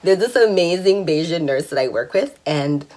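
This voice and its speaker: A woman's voice: lowish voice, animated, normal speed, darkish tone. A woman in her thirties telling a personal story in a candid, chatty vlog, laughing now and then. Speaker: vlogger.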